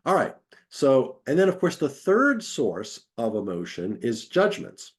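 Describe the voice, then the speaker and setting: A man's voice: medium pitch, huge pitch swings, a little slow. A man giving a conversational academic lecture, acting out quoted voices as he explains.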